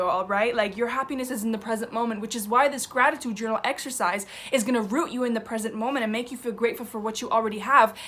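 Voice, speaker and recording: A woman's voice: a little high, fairly bright tone. A young woman talking straight to camera in a chatty, emphatic vlog style, slangy and swearing casually as she gives advice. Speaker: YouTuber.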